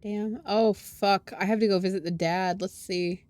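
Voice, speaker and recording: A woman's voice: mid-range voice, steady tone, measured pace, darkish tone, no echo. A woman streamer reading a story game aloud and reacting with sighs, groans and swearing. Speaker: VTuber streamer.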